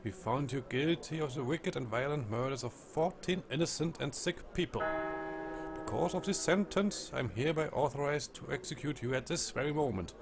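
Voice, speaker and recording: A man's voice: medium pitch, lively intonation, moderate pace, noisy background, natural voice. A man doing a stern, formal judge. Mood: solemn. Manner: formal, pronouncing. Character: stern male judge reading a sentence.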